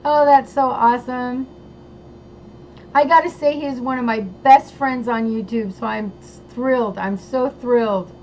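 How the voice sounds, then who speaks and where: A woman's voice: a little high, fairly even intonation, unhurried, a little mellow. A woman hosting a casual livestream, bubbly and gushing as she greets chatters by name. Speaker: livestream host. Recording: dull lo-fi sound with faint noise.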